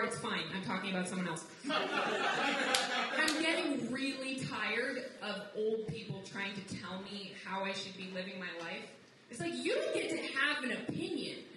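A young woman from abroad performing live stand-up comedy, wry and conversational, jumping into high mocking voices when she quotes people. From outside the United States. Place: live comedy venue with audience. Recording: roomy live recording from a distance, noisy.

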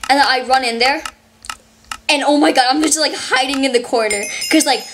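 A woman giving casual, rambling gameplay commentary full of "like", her voice a bit worn from yelling. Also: high-pitched, fairly quick, noisy background. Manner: rambling, fillers of "like", excitable. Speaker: gaming channel host.

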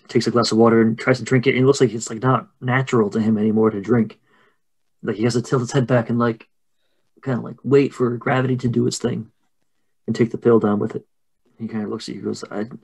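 A man narrates a tabletop horror game at an easy pace, padding his descriptions with loose fillers. His voice sits at a middling pitch. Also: quick pace, creaky, slightly rough, rough recording. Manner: relaxed, filler-heavy narration. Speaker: game master.

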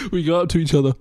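A man co-hosting a podcast in casual chat, cheeky and joking, quick to laugh. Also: fairly high pitch, darkish tone. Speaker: podcast co-host.

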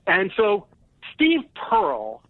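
A man telling a rambling, excitable story as a comedian guest on a casual podcast, often laughing. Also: high voice, drawn-out words, no room sound. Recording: tinny phone line.

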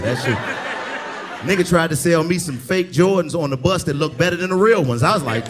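A male stand-up comedian roasting the audience with loud, brash crowd work, often yelling and cursing. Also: mid-range voice, lively intonation, moderate pace. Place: live comedy club ballroom. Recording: live club with crowd noise.

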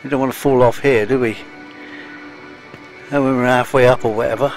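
A man's voice: medium pitch, fairly even intonation, brisk. A man giving casual let's-play commentary, chatty and talking to himself with sighs, a little out of breath. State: slightly out of breath. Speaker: game streamer. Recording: faint game music behind.

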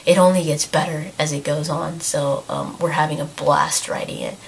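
Low gravelly woman losing her voice. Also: steady tone, moderate pace, a little hiss or hum, low-quality recording. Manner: rambling, thinking aloud with many restarts. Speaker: YouTube gaming channel host. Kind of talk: casual talk to camera.

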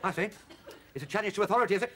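An actor playing a fussy, self-important middle-aged husband in a 1980s sitcom. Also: male voice, high voice, lively intonation, rapid-fire, very noisy. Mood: pompous. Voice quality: fussy, pompous manner.

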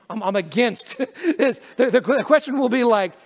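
A man's voice: extremely high pitch, lively intonation, a little slow. A male pastor praying and then preaching a sermon in an earnest, conversational way, with self-deprecating humor. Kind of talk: sermon with prayer. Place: church sanctuary. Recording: long reverb of a church hall.

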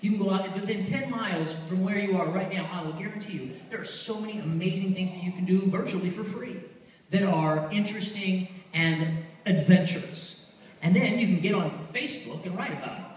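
An American man from Texas hosting a live dating-advice show, telling stories in an animated, playful and profane way. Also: high-pitched, fairly quick. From Texas, USA. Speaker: host giving dating advice. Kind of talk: live comedic storytelling. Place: live venue in a large hall. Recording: echoey hall, mic far off.

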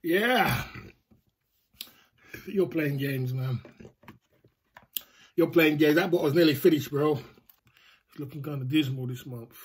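A man's voice: fairly high pitch, slow pace, pauses often, slightly rough. A man chatting loosely on a livestream, boastful and rambling. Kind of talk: casual livestream chat.

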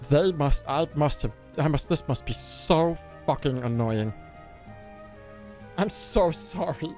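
A man streaming live, talking in an animated, jokey way and slipping in and out of silly voices. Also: a little high, a little slow, faint music behind.

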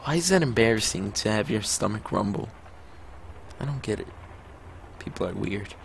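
A man's voice: on the low side, lively intonation, moderate pace, vocal fry, a little hiss or hum. A young man joking his way through a story game in a casual let's-play commentary. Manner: joking, reads game text aloud. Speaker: gamer.

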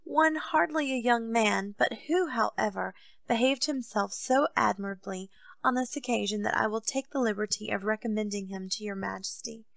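Woman as a deferential musketeer captain, measured, gravelly tone, dry sound. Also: on the high side, fairly bright tone, no room sound. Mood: respectful. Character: loyal, respectful male captain of musketeers.

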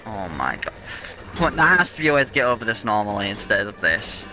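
A young man talks over his own gameplay with a very bright, sharp tone. He rants and swears at the janky controls, exasperated and fed up. Faint game music plays underneath. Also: on the low side, big pitch swings, fast. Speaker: let's play gamer. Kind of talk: live gameplay commentary.

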